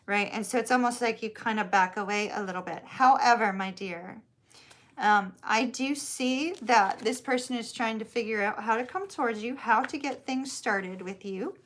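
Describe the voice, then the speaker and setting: A chatty middle-aged woman with a Southern US twang hosts a live-stream tarot reading. Her voice sits a bit high, and her talk is bubbly and repetitive, with slow, stretched phrases. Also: a bit bright. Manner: chatty, bubbly, drawn-out words. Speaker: tarot reader.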